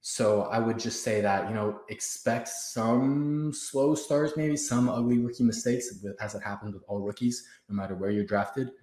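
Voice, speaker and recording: A man's voice: mid-range voice, normal speed, few pauses, a little mellow. A young man in his twenties hosting a casual livestream at home, hyped and slangy, laughing often as he chats. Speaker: host of a fan livestream. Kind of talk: casual live chat. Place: room at home. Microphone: camera set on the floor. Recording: roomy echo.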